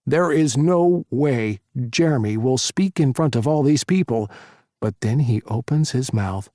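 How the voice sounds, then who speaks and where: A man narrating a first-person romance audiobook in a steady storytelling manner. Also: medium pitch, a little slow, no echo, studio quality.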